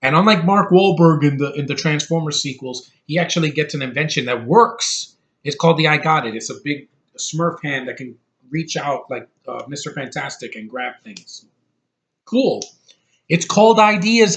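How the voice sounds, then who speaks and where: A man with a voice pitched a touch high talks through a casual movie review. He rambles, halts on fillers and restarts, and gives blunt opinions with plenty of swearing. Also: a bit bright. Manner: halting, with many fillers and restarts.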